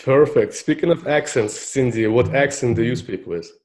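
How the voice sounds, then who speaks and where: A man hosts a podcast interview with upbeat enthusiasm. His voice is dark and mellow, middle in pitch. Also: moderate pace. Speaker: podcast host.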